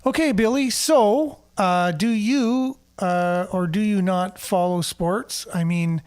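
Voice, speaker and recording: A man's voice: sits high, slow pace, a little mellow, soft background music. A man hosting a casual local news show, chatting and reading the news aloud with asides and fillers. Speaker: host.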